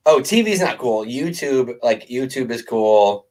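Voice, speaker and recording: Jokey guy cohost, voice jumping all over the place, chatting with his cohost. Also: a little slow. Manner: excitable, jokey, lively swings in pitch. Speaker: co-host of a live morning show. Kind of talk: casual banter.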